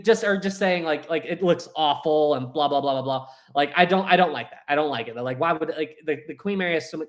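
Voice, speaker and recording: An animated young man chats on a live stream, rambling and restarting his sentences as he answers viewers. His voice sits a little higher than most men's. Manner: reads viewer chats aloud. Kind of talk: casual live stream chat.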